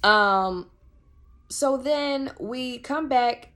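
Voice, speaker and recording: A young woman telling a personal story on her podcast, animated and slangy, full of fillers. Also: sits high, extremely slow. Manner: animated, slangy, many fillers, laughs often. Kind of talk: casual storytelling.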